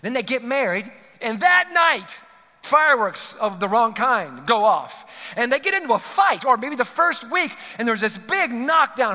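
A man's voice: very high-pitched, bright, forceful tone. A male pastor preaching a sermon, earnest and pleading, pressing his points with rising emphasis. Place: large church hall. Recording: long hall reverb.

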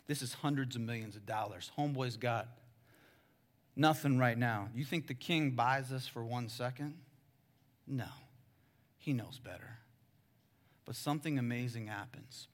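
A male pastor preaching a sermon in a conversational way, calling the crowd guys and swinging between hushed and loud. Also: mid-range voice, moderate pace.

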